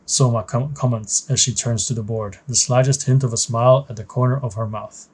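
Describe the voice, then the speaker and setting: Mellow-voiced man reading game rules. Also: mid-range voice, steady tone, fairly quick, hardly any pauses, slightly rough. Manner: explanatory, thinking aloud with fillers and restarts. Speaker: board game channel host. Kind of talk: solo board game playthrough, reading rules and story aloud.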